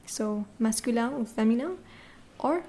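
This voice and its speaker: Patient woman teaching French, slightly high voice. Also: expressive, unhurried, dark tone. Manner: patient, spells words letter by letter, checks with "okay?" and "right?". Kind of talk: classroom lesson explaining grammar.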